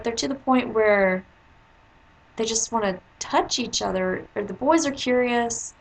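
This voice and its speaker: A woman who teaches, talking casually to camera as she tells a story and slips into higher voices to quote her pupils. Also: vocal fry, low-quality recording. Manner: chatty, jumps into high voices when quoting kids.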